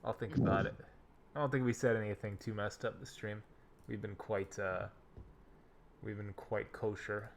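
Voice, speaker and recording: A man's voice: on the low side, fairly even intonation, moderate pace, pauses often, a little hiss or hum. A young man hosting a crypto livestream, trading laid-back jokes in casual banter. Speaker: crypto streamer, host. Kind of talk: casual stream chat.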